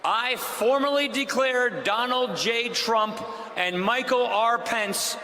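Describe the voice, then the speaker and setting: A man chairing a convention, formally and slowly announcing the nominees. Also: very high voice. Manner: slow, measured proclamations. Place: large convention arena. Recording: echoey hall with faint noise.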